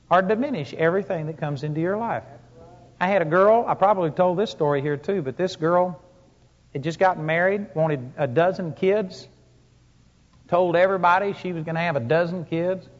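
A high-pitched man preaches a sermon to a congregation at a moderate pace, telling stories with emphatic rises and punchy lines. The recording has long hall reverb and a dull, lo-fi sound.

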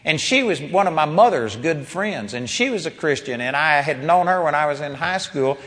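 A man preaching a sermon, telling a personal story with animated rises and quiet drops when quoting people. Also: a little high, normal speed. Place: large seminar hall. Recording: long reverb of a large hall.

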